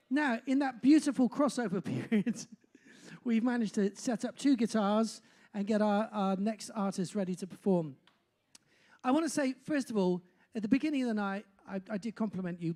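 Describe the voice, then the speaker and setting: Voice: medium pitch, dark tone. An older compere in their sixties from Bristol, with a faint Bristol accent. They chat on stage at a pub, rambling and self-mocking, with lots of "uh"s. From Bristol, England. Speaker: compere of a live music night. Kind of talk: live stage banter. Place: pub function room, on stage.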